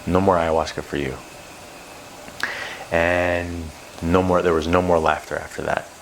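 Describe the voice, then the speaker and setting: Deep-voiced man telling an intense story. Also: flat delivery, a little slow, gravelly, a little hiss or hum. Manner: intense, rambling, swears freely. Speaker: YouTuber telling a personal story. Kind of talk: casual storytelling vlog. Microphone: close to camera.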